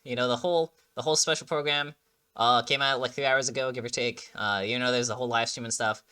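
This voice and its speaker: A man casually chatting through a game trailer reaction, excitable and rambling with lots of fillers and restarts, sounding like he just woke up. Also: medium pitch, fast, clear, resonant tone.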